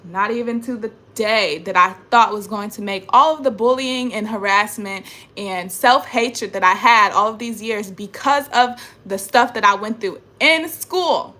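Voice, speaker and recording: In an unhurried, sharp, medium-pitched voice, this young woman records a ranting spiritual vlog on her phone from inside her home. She sounds frustrated, repeating herself and hammering her points about spiritual matters.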